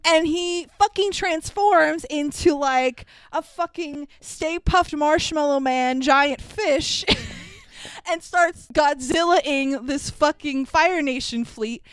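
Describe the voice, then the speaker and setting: A woman co-hosting a podcast, recapping an animated show in casual chat, animated and swearing constantly with frequent laughs. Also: high voice, takes it slowly, dry recording. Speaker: podcast co-host.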